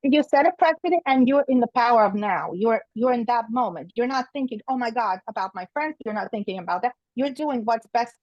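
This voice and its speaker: A middle-aged woman with a fairly high voice tells a story in lively detail, acting out each voice along the way. Her opinions come across firmly. The sound is dull and muffled, with a dry, close feel. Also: brisk, few pauses, no echo. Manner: opinionated storytelling, acts out quoted dialogue. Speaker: author and guest. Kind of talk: conversational interview.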